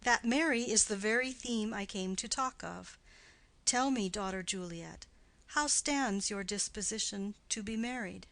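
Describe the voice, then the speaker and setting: A woman reading the part of a stately noble mother in an audiobook play, speaking quietly in a low, measured way.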